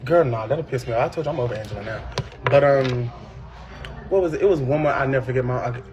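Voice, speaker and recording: A man telling a personal story in casual chat, animated and profane, with sudden high shrieking impressions. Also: fast, highs cut off. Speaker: podcast host.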